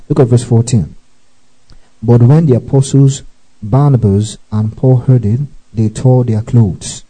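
A man's voice: medium pitch, warm tone, low-quality recording. A man teaching a Bible passage verse by verse, often checking that his listeners follow and spelling out Greek words letter by letter.

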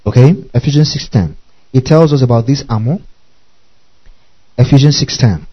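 A man's voice: medium pitch, moderate pace, husky. Man, preacher, sermon teaching, spells words letter by letter, calls for responses, muffled recording.

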